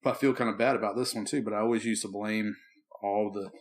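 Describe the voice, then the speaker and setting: A man's voice: fairly low pitch, fairly even intonation, fast talker. A man, co-hosting a podcast and telling a rambling story from his youth ministry days, with many restarts and acted-out quotes. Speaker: podcast co-host, former youth pastor. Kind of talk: casual storytelling chat.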